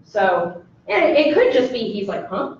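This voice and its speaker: A high-voiced woman teaching a class, animated and playful, often slipping into little voices for dogs and people. She is heard from a distance in a very echoey room with a dull sound. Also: moderate pace, slight background noise. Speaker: dog trainer. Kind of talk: lecture to a live audience. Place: presentation room with audience.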